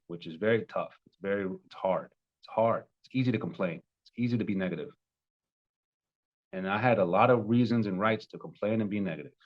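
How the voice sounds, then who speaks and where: A man in his twenties, a love coach, telling a personal story with animated, emotional bursts. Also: low voice, dull audio. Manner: emotional, animated retelling with sudden loud peaks.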